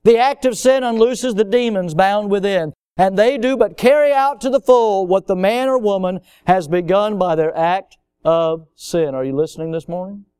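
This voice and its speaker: A man preaching with a high, smooth, resonant voice, recorded dry and close. He presses his points hard, repeating phrases and dropping from loud bursts to hushed, low lines. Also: normal speed, hardly any pauses, no echo. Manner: emphatic, repetitive, swings from loud to hushed. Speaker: pastor. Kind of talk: sermon.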